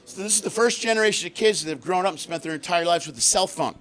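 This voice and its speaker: High-energy stand-up comedian, a man. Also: fast talker. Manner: high-energy, shouting punchlines, acting out other people. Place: theater stage before a laughing audience.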